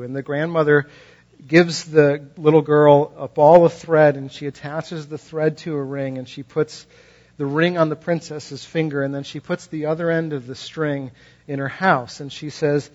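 A male preacher with a fairly high voice delivers a passionate sermon, swinging between loud emphasis and quiet, hushed points. He drives his ideas home through repetition and storytelling. The recording is dull and lo-fi. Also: little pitch movement, normal speed. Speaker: pastor.

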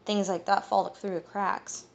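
A woman's voice: mid-range voice, level tone, a little slow, creaky. Woman reading as a wry fae king.

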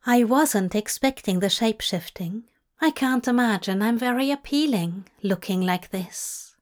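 A woman voicing a gentle male angel who grows flustered and breathless. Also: a little high, lively intonation, a little slow.

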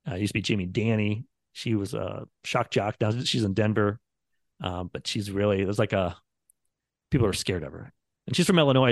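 A man's voice: fairly low pitch, no room sound, clean studio sound. A man, a radio producer chatting casually on a podcast and acting out quotes from the people in his stories. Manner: rambling storyteller, acts out quotes.

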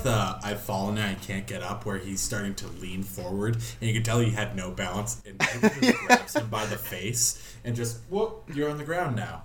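A man's voice: deep voice, reverberant, slight background noise. A man co-hosting a podcast, recapping a baseball moment with jokes and laughter. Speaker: podcast co-host. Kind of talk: casual chat.

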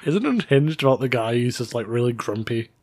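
A man co-hosting a casual podcast who teases, clowns around and slips in deadpan jokes. His voice is a little husky at a middling pitch, recorded dry and close. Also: fairly quick, no room sound. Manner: teasing, silly, deadpan jokes. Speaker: podcast co-host. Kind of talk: casual chat.

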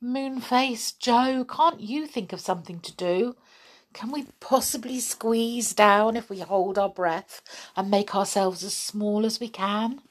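A woman reading aloud and voicing a gentle, tearful fairy girl in a children's story. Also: a little high, takes it slowly, voice pushed up. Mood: pleading. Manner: soft, sobbing.

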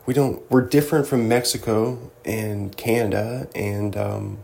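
A man's voice: on the low side, steady tone, unhurried, creaky, darkish tone. A young man hosting a casual solo commentary, joking and laughing often as he reads through a list. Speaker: host.

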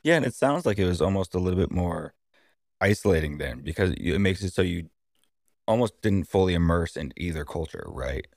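Man, interviewer, very low pitch, gentle, careful, dry close recording. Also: lively intonation, fairly quick, vocal fry, dry recording. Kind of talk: interview conversation.

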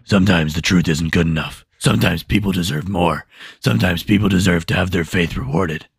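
A man voicing Batman, a grim masked male vigilante, speaking in a loud, solemn, gravelly growl. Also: low-pitched, a little fast, no room sound, clean studio sound, heavily acted.

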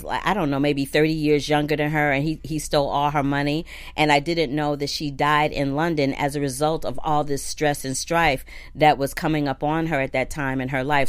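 Woman critic host, low pitch, chatty slangy delivery, casual review show. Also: dry recording. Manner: chatty, warm slang like "y'all" and "girl".

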